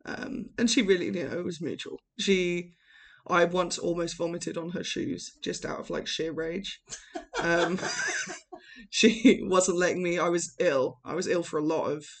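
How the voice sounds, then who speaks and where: A young woman from England co-hosting a podcast, telling animated stories and laughing often in casual chat. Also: lowish voice, a little slow. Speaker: podcast co-host.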